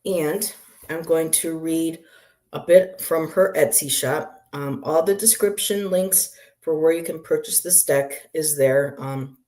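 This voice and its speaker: A woman's voice: low-pitched, slow, mellow. A woman who reads tarot, chatting casually on a livestream and greeting viewers with easy laughter. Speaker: tarot reader.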